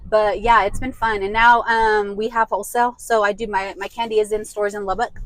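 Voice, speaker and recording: A woman in her thirties being interviewed, speaking haltingly with many fillers and an emotional tone. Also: medium pitch, level tone, fairly bright tone, slight background noise, low-quality recording. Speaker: interview guest. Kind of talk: casual interview.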